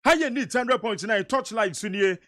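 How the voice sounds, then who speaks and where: A man with a Ghanaian accent hosting a radio talk show, lively and mixing Twi with English. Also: sits high, moderate pace. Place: radio studio.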